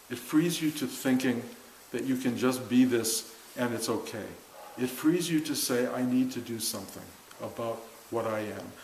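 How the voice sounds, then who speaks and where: A man giving a spiritual talk to a group, animated and acting out the voices he quotes. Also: mid-range voice. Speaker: spiritual teacher. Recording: echoey room with faint hiss.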